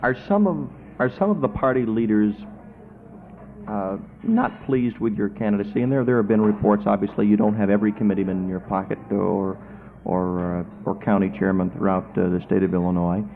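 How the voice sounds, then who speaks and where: A man's voice: lowish voice, fairly quick, gravelly, phone-quality sound. A man hosting a radio interview, asking probing questions in a conversational way.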